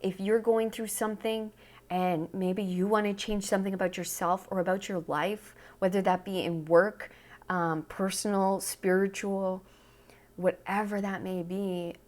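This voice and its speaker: A woman's voice: mid-range voice, fairly even intonation, unhurried, a little mellow. A woman giving a pick-a-card tarot reading, earnest and emotional, who repeats phrases and often checks in with "okay?". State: tearful. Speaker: tarot reader.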